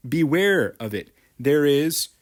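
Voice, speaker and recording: A haughty girl who runs the courtroom through threats, read by a man in a play reading. the voice is raised in pitch and pushed loud, imperious and menacing. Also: sing-song, slow. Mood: threatening.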